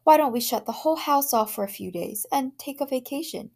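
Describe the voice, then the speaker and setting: A woman's voice: lively intonation, fairly quick, gravelly, a little mellow, heavily acted. A woman reading the part of an anxious housewife in a short story, her voice raised and pleading. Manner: tense, pleading, higher than her narration.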